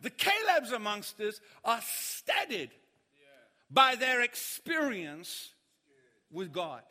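A man preaching a sermon, telling a funny story and acting out the panic of others in shouts. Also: high-pitched, sing-song, slow pace. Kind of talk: sermon with humorous anecdote. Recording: hall reverb.

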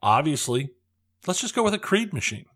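A man's voice: fairly high pitch, big pitch swings, moderate pace, fairly bright tone, dry recording. A man co-hosting a podcast in casual chat, starting over and repeating his words, laughing often. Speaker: podcast co-host.

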